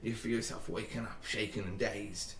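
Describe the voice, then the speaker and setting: A man's voice: fairly low pitch, fairly even intonation, normal speed, fairly bright tone, a little hiss or hum. A man narrating as dungeon master in a tabletop game, rambling loosely with frequent restarts. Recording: echoey room, far from mic.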